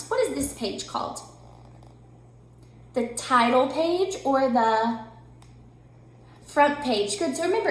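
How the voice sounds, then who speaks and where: A young woman teacher giving an online reading lesson to children, bright and encouraging. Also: sits high, a little hiss or hum. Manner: bright, encouraging, sing-song. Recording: very echoey room.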